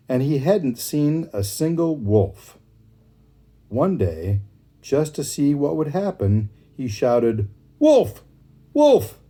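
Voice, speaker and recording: A man casually reading fables aloud, relaxed and chatty, with friendly asides in between. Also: medium pitch, husky. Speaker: storyteller.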